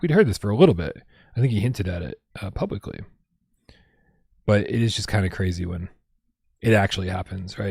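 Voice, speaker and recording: A man's voice: on the low side, vocal fry, warm tone, slightly rough, no echo, studio quality. A man hosting a casual gaming livestream at home, rambling and reading out viewer tips with lots of restarts. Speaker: livestream host.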